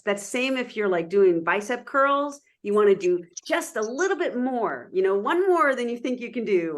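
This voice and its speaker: A middle-aged woman giving a lively, interactive online lecture over a video call, often checking in with her listeners. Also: medium pitch. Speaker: guest presenter.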